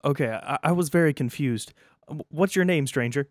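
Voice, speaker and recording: A jittery young guard on his first day, high-pitched and stammering, tripping over his words. A man puts him on in a tabletop game, his voice pitched up well above his own and close and dry on the mic. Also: moderate pace, no echo, lightly acted. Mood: nervous. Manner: stammering, nervous.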